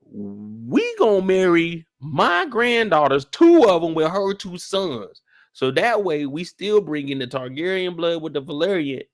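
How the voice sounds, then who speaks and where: Man, live recap, slangy casual rambling, fairly high voice, animated pitch. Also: measured pace. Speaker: streamer and show recapper. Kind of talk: live episode recap commentary.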